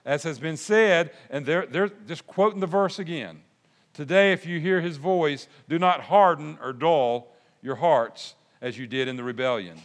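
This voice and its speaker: An older man preaching a sermon, folksy and animated, with restarts and asides. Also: on the high side, normal speed. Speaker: pastor. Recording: long hall reverb.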